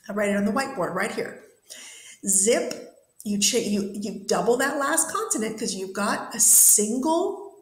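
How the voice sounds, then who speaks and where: A woman's voice: medium pitch, roomy sound, poor audio. A woman teaching an English grammar lesson in a classroom, patiently repeating and spelling out words. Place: classroom with whiteboard.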